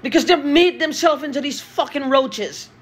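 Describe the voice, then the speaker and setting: A woman's voice: high voice, normal speed. A woman from Guyana, talking in an angry, profane monologue and repeating herself.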